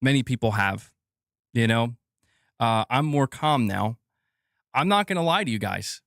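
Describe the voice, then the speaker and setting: A man's voice: medium pitch, lively intonation, unhurried, creaky, fairly bright tone, no room sound, studio quality. A man hosting a live gaming news stream, ranting casually and swearing as he talks to his chat.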